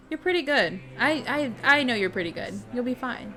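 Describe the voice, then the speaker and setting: A young woman with a rather high, lively voice hosts a livestream from her home setup, chatting bubbly and casually with viewers, greeting them by name and occasionally swearing. She speaks at a moderate pace with a sharp tone, while faint music plays in the background.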